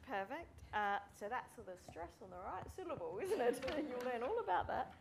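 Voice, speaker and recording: A woman, a speech pathology lecturer giving a friendly, brisk welcome talk to students and calling out names. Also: fairly high pitch, big pitch swings, gravelly, background noise. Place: university room with students.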